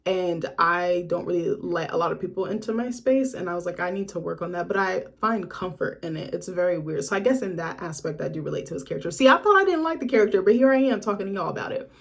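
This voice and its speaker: Woman vlogger, casual film critic; slightly low-pitched, blunt, swears, sassy asides. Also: lively intonation, fast talker, gravelly, few pauses. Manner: chatty, frank, swears freely, sassy asides. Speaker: film reviewer. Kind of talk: casual film review vlog.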